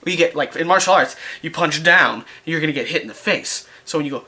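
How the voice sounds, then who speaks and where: Man, casual vlogger, rambling, jokey, self-mocking, bright tone. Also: a little high, a little fast. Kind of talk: casual rambling vlog talk.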